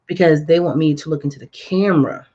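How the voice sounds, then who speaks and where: A woman radio host telling her story in a casual interview, animated and acting out what people said. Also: sits low, fast, slightly rough. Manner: animated, acts out quoted dialogue. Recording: dull lo-fi audio.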